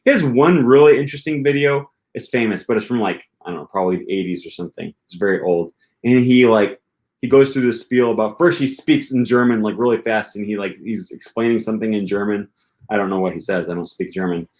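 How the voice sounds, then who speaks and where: A man with a fairly low voice chats casually through a livestream Q&A. He rambles and hesitates, with plenty of filler words between his thoughts. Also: fairly quick, a little mellow. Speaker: language-learning channel host.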